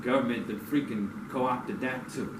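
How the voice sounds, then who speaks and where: A man giving a blunt, profane community talk that swings into loud, angry outbursts. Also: medium pitch, unhurried. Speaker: community speaker. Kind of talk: impassioned street talk. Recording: echoey, distant mic with noise.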